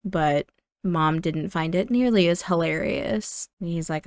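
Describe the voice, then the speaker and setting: A young adult woman narrating her life-sim story in a chatty, casual way. Her voice sits low and is recorded dry and close, with no room sound. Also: unhurried, dry recording. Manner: chatty, warm-hearted, with fillers. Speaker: game storyteller.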